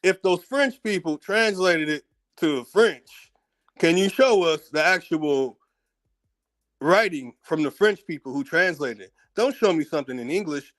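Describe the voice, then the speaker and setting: A man's voice: on the high side, animated, unhurried, fairly bright tone. A man giving blunt, heated spoken commentary, firing off one rhetorical question after another and repeating them for emphasis. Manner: informal, blunt, with profanity. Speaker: speaker giving a monologue.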